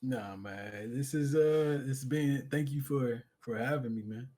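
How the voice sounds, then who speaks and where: An earnest man sits in as a guest on a streamer's talk show, his voice at an ordinary middle pitch. He speaks from the heart and thinks aloud, his sentences looping back on themselves with plenty of "you know" fillers. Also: measured pace, warm tone. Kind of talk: casual heartfelt conversation.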